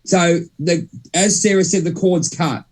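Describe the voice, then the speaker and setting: A man's voice: high-pitched, steady tone, unhurried. A young man, co-hosting a casual spiritual chat, rambling and cutting himself off mid-sentence. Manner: rambling, self-interrupting, swears mildly. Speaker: podcast co-host.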